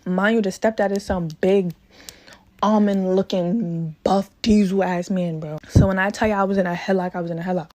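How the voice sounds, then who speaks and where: A woman's voice: medium pitch, fairly even intonation, moderate pace, a little mellow. Young woman, casual storytime, dramatic and slangy, acts out every quote. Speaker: braider telling a storytime.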